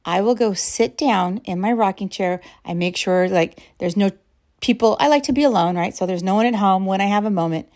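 A middle-aged woman hosting a podcast, giving a calm, reflective guided mindfulness talk that sometimes drops to a soft whisper. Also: medium pitch, a little fast. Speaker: podcast host.

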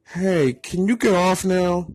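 A man's voice: high-pitched, slow, darkish tone, breathy edge, pitched above the performer's own voice, exaggerated voice. Man putting on a flustered young woman.

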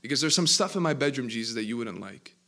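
A male preacher voicing an exhausted man who pleads with and shouts at Jesus in a parable. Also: mid-range voice, expressive, quick pace. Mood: bargaining.

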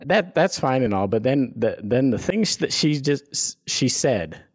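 A man's voice: mid-range voice, sing-song, measured pace. A man co-hosting a podcast, telling a rambling, profane story in casual chat and laughing as he goes. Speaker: podcast co-host.

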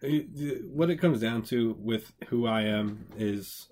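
Lowish voice young guy cohosting a podcast, cusses a lot, jokey. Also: unhurried. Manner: profane, excitable, jokey. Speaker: podcast co-host. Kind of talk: casual chat.

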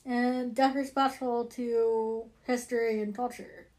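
A woman in casual chat, telling stories in an animated way and laughing often. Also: on the high side, takes it slowly. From United States.

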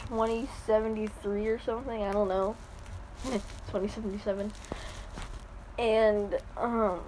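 A woman's voice: a little high, slight background noise, low-quality recording. Rambling young woman podcast host. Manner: rambling, giggly, self-deprecating. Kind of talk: casual story reading and chat.

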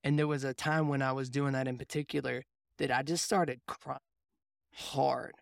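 A man's voice: medium pitch, fairly even intonation, normal speed, creaky, no room sound, studio quality. A young adult man, a mindset coach, telling a reflective personal story in casual faith conversation. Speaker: podcast co-host, mindset coach.

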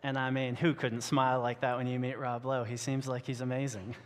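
A man preaches in a relaxed, joking way, often stopping and restarting his sentences. His voice sits at a middle pitch. It rings with the long reverb of a large church hall. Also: a little fast, slight background noise. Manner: conversational and joking, with frequent restarts. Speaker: pastor. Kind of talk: sermon. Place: church sanctuary.

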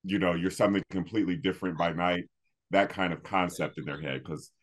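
A man's voice: sits low, fairly even intonation, brisk. A man co-hosting a podcast in a casual chat, thoughtful and hesitant, with many fillers. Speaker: podcast co-host. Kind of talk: casual chat about old TV.

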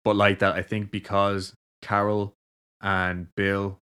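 Low-voiced casual podcast host man. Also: slow pace, clean tone. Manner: relaxed, swears casually, filler-heavy.

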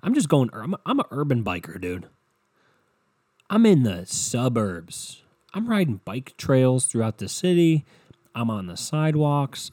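A man's voice: mid-range voice, mellow, no room sound. A man co-hosting a podcast, telling a rambling, self-mocking story in casual talk, swearing constantly. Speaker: podcast co-host. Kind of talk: casual profane storytelling rant.

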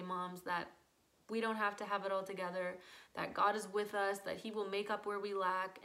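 A woman's voice: medium pitch, sharp tone. A woman giving an earnest, encouraging devotional message to mothers for her church. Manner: earnest, encouraging, repeats "just". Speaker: church speaker.

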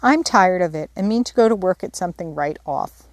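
A woman's voice: on the low side, expressive, a little fast, no room sound. Give me a spirited, outspoken teenage girl, read by a woman, sounding decided. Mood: determined.

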